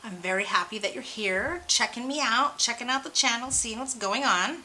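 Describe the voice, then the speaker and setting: A woman's voice: on the high side, normal speed, bright, forceful tone, slight background noise, rough recording. A young adult woman hosting her own channel, chatting casually and rambling a little in a bubbly, slightly hyper way while she reads oracle cards. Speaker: oracle card reader and channel host.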